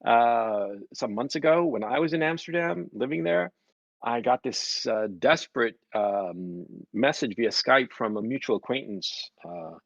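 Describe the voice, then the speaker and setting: A man of middle pitch hosts a casual stream chat, telling rambling, profane stories with lots of animation. His mic sounds dry and somewhat dull, with no room around it. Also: unhurried, gravelly, dry recording. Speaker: stream host.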